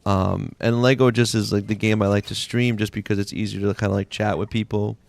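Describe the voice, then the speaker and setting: Gravelly laid-back male game streamer. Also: on the low side, flat delivery, fairly quick, no echo. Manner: laid-back, rambling, slangy with many "like"s. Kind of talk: casual live-stream chat while playing.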